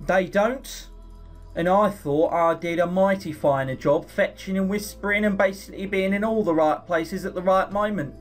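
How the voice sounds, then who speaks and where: A man's voice: high voice, normal speed, faint music behind, lightly acted. A man voicing a sly, chummy male rogue with a Cockney accent, drawling and wheedling.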